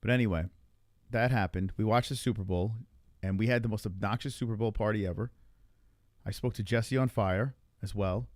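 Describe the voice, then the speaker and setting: A man's voice: fairly low pitch, fairly quick, no room sound, studio quality. A male podcast host telling stories in a casual, rambling way and swearing freely. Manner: animated, swears freely, loose rambling retelling. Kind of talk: casual storytelling chat.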